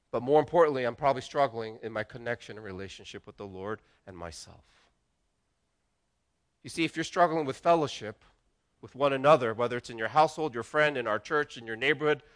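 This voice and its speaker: A man's voice: medium pitch, a bit bright. A middle-aged man preaching a sermon as pastor, earnest and conversational, often restarting his phrases.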